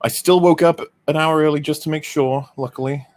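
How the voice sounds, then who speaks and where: A man's voice: on the high side, fairly even intonation, a little fast. A man in casual chat as a podcast co-host, acting out lines of dialogue and swearing freely. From England.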